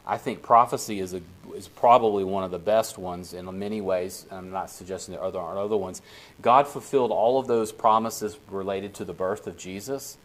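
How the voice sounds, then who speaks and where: A man's voice: low voice, normal speed. A man leading a casual Bible study, talking in a conversational way and often checking in with the group.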